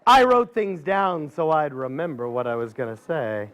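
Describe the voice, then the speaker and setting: A man storyteller telling a folksy tale to a live audience, dramatic and drawing out his pauses. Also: on the high side, very animated, a bit bright.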